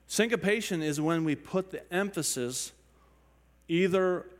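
A man's voice: sits high, slow. Man explaining rhythm in a long-echoing hall. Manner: explanatory, counts beats and hums rhythms aloud; frequent throat clearing. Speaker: music teacher. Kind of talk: spoken lecture with sung examples.

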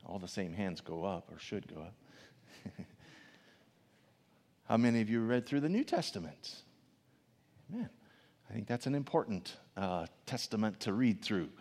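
Animated preacher in a reverberant hall. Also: male voice, fairly low pitch. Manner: animated, swings between loud emphatic questions and soft asides. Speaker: pastor. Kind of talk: sermon. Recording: long reverb of a large hall.

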